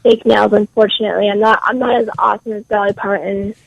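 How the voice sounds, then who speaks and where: A woman musician being interviewed on a radio show, answering in a soft, halting way with many ums and uhs. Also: medium pitch, flat delivery, gravelly, dry recording, muffled recording. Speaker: guest musician.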